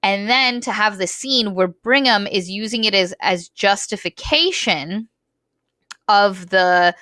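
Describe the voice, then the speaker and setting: A woman co-hosting a casual book podcast, talking in an animated way, acting out characters and swearing freely. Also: medium pitch, slow, dry recording, clean studio sound.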